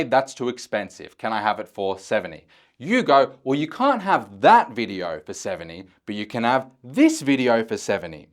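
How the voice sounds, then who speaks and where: A man coaching chatters on handling objections, talking bluntly and swearing casually. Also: fairly high pitch. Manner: acts out sample chat messages in a shy voice. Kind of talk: instructional explainer.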